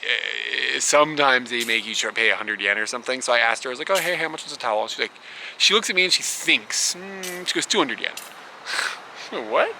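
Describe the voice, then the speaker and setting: A young man rambles to the camera from a small guest house bedroom, sounding bemused and laughing easily. His voice is very bright and cutting, with a gravelly edge and a middling pitch. He swears now and then in a loose, chatty vlog style. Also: a little hiss or hum, rough recording. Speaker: travel vlogger. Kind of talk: casual vlog talk to camera.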